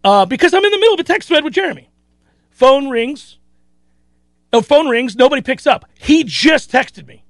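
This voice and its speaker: A man hosting a sports talk show, telling a story in a casual, animated way and acting out other people's lines. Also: very high-pitched, moderate pace, pauses often, dry recording, clean studio sound. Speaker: sports radio host.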